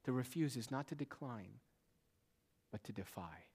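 A male pastor preaching a sermon in a church, swinging between quiet, hushed lines and raised, emphatic ones. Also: medium pitch, animated, moderate pace, breathy edge.

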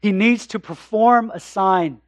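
A man preaching a sermon, building emphasis through repeated phrases and slowing down to read scripture. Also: sits high, no echo. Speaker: pastor.

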